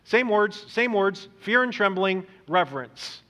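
A man preaching a sermon as pastor, earnest, stumbling over repeated words and slowing down to stress quoted lines. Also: high voice, animated, bright, forceful tone. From Indonesia. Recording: dull lo-fi recording in a reverberant hall.

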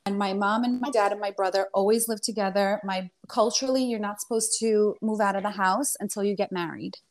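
Woman guest just rambling thru a family story, super animated, regular pitch. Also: a little fast. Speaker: interview guest. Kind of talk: casual chat.

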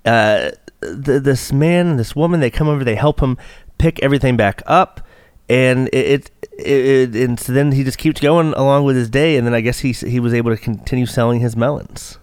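A man's voice: medium pitch, fairly quick, a little mellow, clean tone, no echo. Man, podcast host, rambling, profane, dry close mic. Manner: rambling, profane, full of fillers and restarts. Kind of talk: casual bickering podcast banter.

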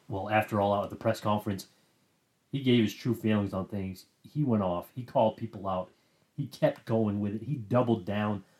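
Guy hyping up his favorite moments, kinda low voice, chatty. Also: darkish tone. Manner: enthusiastic, chatty. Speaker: wrestling commentary host. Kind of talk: casual recap commentary.

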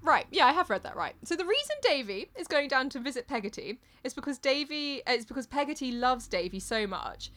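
A woman's voice: high voice, very animated, brisk, hardly any pauses, a bit bright. A woman casually retelling a novel's story in a chat, swearing and acting out lines along the way. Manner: chatty, swears, acts out quotes in funny voices. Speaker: podcast co-host recapping a novel.

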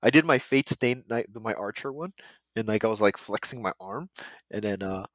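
A man's voice: on the low side, moderate pace, no room sound, studio quality. Laid-back man hosting a podcast. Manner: laughs often, relaxed rambling anecdotes. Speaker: podcast host. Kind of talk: casual chat.

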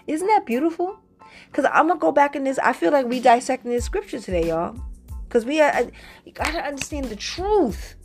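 A woman preaching in a faith podcast, reading scripture slowly and urging her listeners to say the words back to her. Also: high voice, soft background music. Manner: expressive, calls on listeners to repeat after her; slows down to read scripture with emphasis. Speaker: faith coach.

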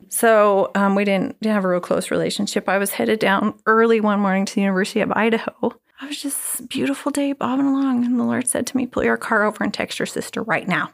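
Creaky-voiced woman giving a testimony. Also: mid-range voice. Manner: animated, swings between loud exclamations and breathy whispers. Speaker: guest sharing testimony. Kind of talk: emotional personal testimony.

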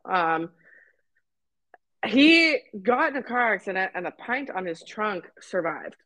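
A woman's voice: mid-range voice, sing-song, slow, pushed and bright, no echo. Young woman, Canadian accent, podcast co-host, casual storytelling, laughs and swears a lot, dry close sound. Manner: swearing, laughing, acting out quotes.

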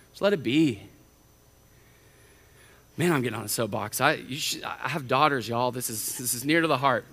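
A middle-aged man, a college pastor preaching a sermon in an animated way, often acting out the voices of the people he quotes. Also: on the high side. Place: church auditorium. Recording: reverberant church hall.

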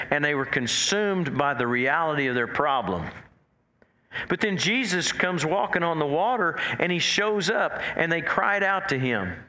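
Male pastor, conversational sermon, bright voice, echoey church room. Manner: conversational preaching with restarts, quotes scripture with lifted pitch.

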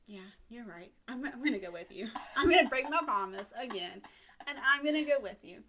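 A woman's voice: on the high side, expressive, fairly quick, crowd noise, close to an everyday voice. A woman voicing a whiny wooden puppet boy in her everyday voice, complaining as she retells the story.

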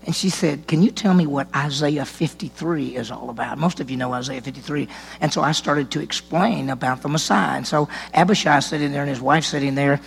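A man's voice: a little high, brisk, gravelly, slight background noise. A man preaching a sermon as senior pastor, telling a personal story in a conversational way and acting out the dialogue. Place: church sanctuary.

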